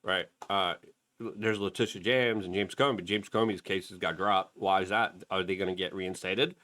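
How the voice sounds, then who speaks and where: A man's voice: fairly even intonation, moderate pace, pushed and bright. Sarcastic man ranting on politics. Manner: sarcastic, mocking, mimics others in high squeaky voices. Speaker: host. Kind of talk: political commentary.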